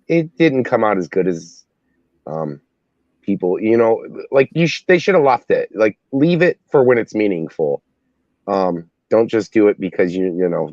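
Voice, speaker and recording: A man co-hosting a casual review chat, talking hesitantly with many pauses and fillers. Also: low-pitched, a little mellow, dry recording. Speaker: podcast co-host. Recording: dull, dry, lo-fi audio.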